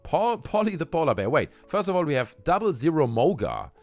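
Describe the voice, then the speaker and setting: With a slightly high, sing-song, darkish voice and a somewhat fast pace, a livestream host drinks while delivering a heated, profanity-filled rant aimed directly at his chat. Faint music runs behind him.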